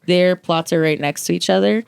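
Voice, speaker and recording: A young woman co-hosting a podcast, telling stories in casual chat, animated and swearing freely. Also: on the low side, moderate pace, vocal fry, smooth, dry recording. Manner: animated storyteller, swears freely, acts out quotes. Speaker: podcast co-host.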